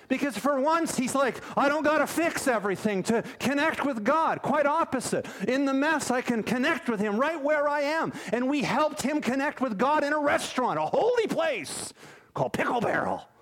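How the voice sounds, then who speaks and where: High-voiced man preaching a story. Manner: animated, shifts between urgent and hushed delivery. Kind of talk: sermon storytelling.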